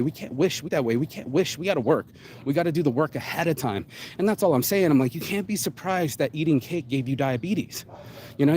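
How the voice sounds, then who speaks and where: A man hosting his own show, ranting bluntly in a solo monologue, swearing often and jumping suddenly up and down in pitch. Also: darkish tone, slight background noise. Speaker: show host.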